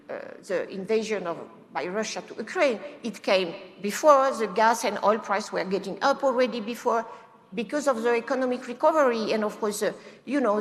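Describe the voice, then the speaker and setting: A woman speaking on a conference panel, impassioned, with halting non-native phrasing. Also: on the high side. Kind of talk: panel discussion. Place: conference hall. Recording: long hall reverb.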